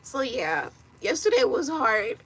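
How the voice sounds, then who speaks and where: Loud jamaican girl chatting while she gets ready, high bright voice, cusses and teases a lot. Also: huge pitch swings, slightly rough. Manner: loud, brash and teasing, quick to cuss. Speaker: vlogger. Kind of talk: casual live chat.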